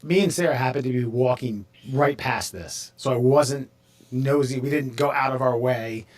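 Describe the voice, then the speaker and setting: A man's voice: medium pitch, moderate pace. Male podcast co-host, average voice, rambling casual storyteller. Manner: rambling, restarts, swears casually.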